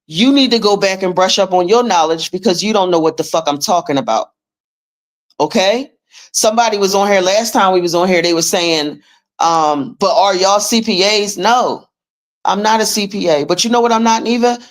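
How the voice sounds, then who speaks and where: Speaking at normal speed in a mid-range voice, a woman hosts a livestream about finance paperwork. Her casual rant is blunt, emphatic and full of profanity as she tells listeners to take charge of their finances.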